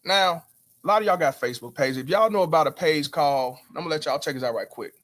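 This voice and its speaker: A man's voice: fairly high pitch, fast talker, a bit bright. A man hosting his own show, talking straight to viewers in an emphatic, preachy way, asking them rhetorical questions. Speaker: host. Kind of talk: casual commentary to viewers.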